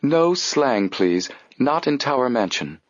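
A man's voice: a little high, moderate pace, gravelly, no echo, muffled recording, voice pushed up. A man doing a prim, severe older lady. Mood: firm.

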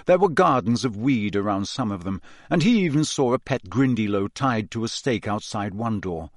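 A man giving a measured, expressive scripted narration of a fantasy novel. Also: fairly low pitch, dry recording, studio quality. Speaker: audiobook narrator.

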